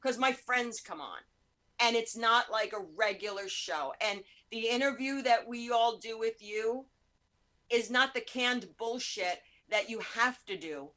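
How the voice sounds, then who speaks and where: A woman hosting a chat show over a video call, with a bright, forceful voice pitched a little high. She gushes and talks animatedly. She drops curse words freely. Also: measured pace. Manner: gushing, animated and profane. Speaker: host. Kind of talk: casual chat.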